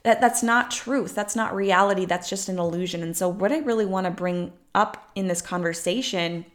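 A woman's voice: mid-range voice, normal speed. A young adult woman hosting a podcast as a business coach, talking in a casual, chatty, upbeat way and leaning on "like" and "right?". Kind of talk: casual motivational monologue.

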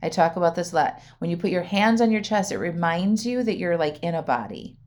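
A woman's voice: lowish voice, expressive, a little fast, darkish tone. A middle-aged woman hosting a solo podcast as a wellness coach, chatty, often checking in with "right?" and laughing. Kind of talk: casual solo podcast talk.

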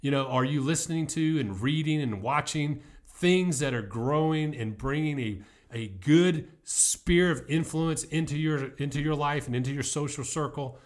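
A middle-aged man gives a motivational talk in an earnest, emphatic way. He often repeats his points. His voice sits a little higher than most men's. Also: moderate pace. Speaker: motivational speaker and football coach.

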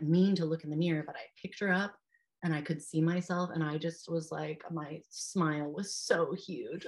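A woman in her thirties with a notably low voice speaks as a podcast guest. She tells a personal story candidly and with feeling. Her casual phrasing is full of "like" and quick asides. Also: darkish tone. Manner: heartfelt, frank, peppered with "like".

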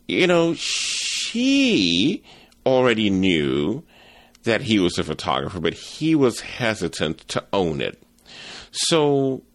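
A man with a low, gravelly voice hosts a casual solo podcast. He rambles in an easygoing way, restarting sentences and repeating words. His pitch swings lively up and down as he tells his stories. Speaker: podcast host, photography teacher.

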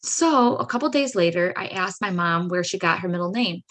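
A woman's voice: fairly low pitch, normal speed. Chatty woman telling a spiritual story. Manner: chatty, says "like" and "right?" often; animated, acts out her own reactions. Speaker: podcast host. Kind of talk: personal storytelling monologue.

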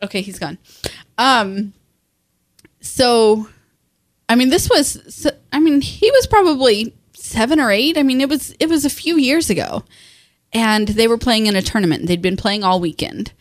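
A middle-aged woman chatting casually, animated and laughing often, with frequent restarts. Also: on the high side, moderate pace, dry recording, studio quality. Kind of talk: casual chat.

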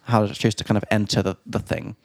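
A man's voice: on the low side, steady tone, fast, vocal fry. Chatty man explaining English expressions. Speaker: podcast host and English teacher. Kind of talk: casual podcast chat. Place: studio.

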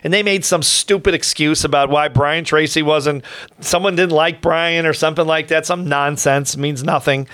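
A man's voice: on the high side, normal speed, clean tone, dry recording. Rambling middle-aged man telling stories. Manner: rambling, many restarts and asides, animated quotes. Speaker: podcast host, professional speaker. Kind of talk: casual storytelling.

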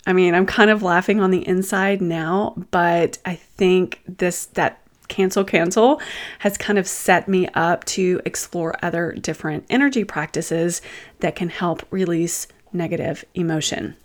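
A woman hosting her own show, sharing a personal story in a thoughtful, candid monologue. She pauses and restarts her sentences, with self-deprecating asides. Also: fairly low pitch, steady tone. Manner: thoughtful, unhurried, often pausing and restarting. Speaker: host sharing personal experiences.

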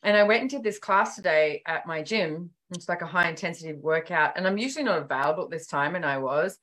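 A woman speaking in casual podcast conversation, telling animated stories and acting out quoted dialogue, with many fillers like "like" and "you know". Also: on the low side, quick pace. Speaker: author and guest.

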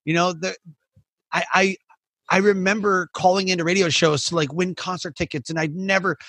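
A man who runs a podcast talks in a loose, rambling flow, stringing thoughts together with "like" and restarts. His voice is bright, somewhat high and husky. The recording is dry and close. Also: fairly even intonation, normal speed, dry recording. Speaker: podcast host and coach. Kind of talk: casual interview chat.

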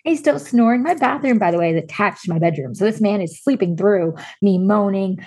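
A woman in her thirties, a podcast guest, telling a personal story in a lively way with frequent laughter. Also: medium pitch, brisk, husky. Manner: animated storyteller who laughs often. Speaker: podcast guest, breathwork facilitator and spiritual coach. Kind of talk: casual storytelling interview.

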